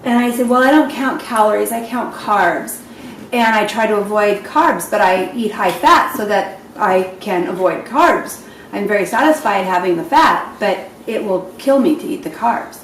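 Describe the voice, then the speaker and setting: A woman's voice: mid-range voice, moderate pace. A woman hosting a casual home gathering, telling a story and acting out each person's lines. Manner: animated storyteller who acts out dialogue. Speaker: party host. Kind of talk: casual group chat, storytelling. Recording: echoey room, distant mic, faint noise.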